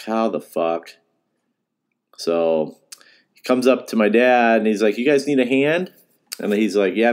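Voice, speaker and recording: A man with a lowish voice tells a long story in a casual, unscripted way. He is emotional and rambling, circling back with restarts and the odd laugh, like a fishing guide talking to his regular listeners. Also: darkish tone. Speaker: fishing guide and podcast host.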